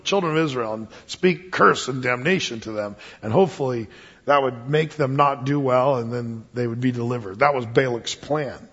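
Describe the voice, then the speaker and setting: A male pastor preaching an expository sermon, telling the story in an animated way with chuckles and asides, his voice husky. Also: fairly high pitch. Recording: dull lo-fi sound with long hall reverb.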